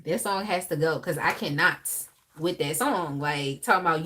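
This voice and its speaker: Animated woman chatting on a live stream. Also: deep voice, normal speed. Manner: animated, laughing, chatty asides. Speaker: tarot reader hosting a live reading. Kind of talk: casual live-stream chat.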